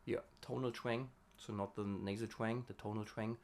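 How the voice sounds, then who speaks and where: A hobbyist harsh vocalist casually explaining scream technique in a video diary, with relaxed, halting explanations between vocal drills. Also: mid-range voice.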